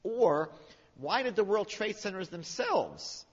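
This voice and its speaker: Bible teacher, man, slightly high husky voice, animated questioning delivery, reverberant hall. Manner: animated, questioning, quotes Hebrew slowly. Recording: dull sound with long hall reverb.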